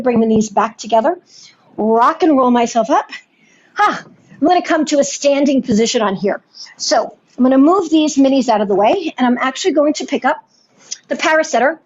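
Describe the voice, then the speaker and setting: A woman's voice: high-pitched, a little mellow, breathy edge, muffled recording. A woman Pilates instructor giving a live class and cueing each movement while she does it, encouraging throughout.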